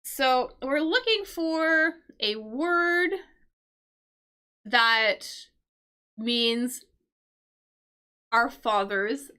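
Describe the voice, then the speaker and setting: Slow, bright-voiced woman teaching English. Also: high voice, expressive, smooth. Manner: slow, patient explaining with fillers and check-ins. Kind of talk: casual livestream lesson solving a crossword.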